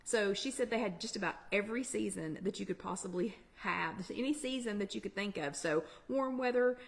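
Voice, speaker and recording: A woman hosting a live online workshop chat, talking fast in a chatty, encouraging way. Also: medium pitch, creaky. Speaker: workshop host. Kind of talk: casual live-stream chat.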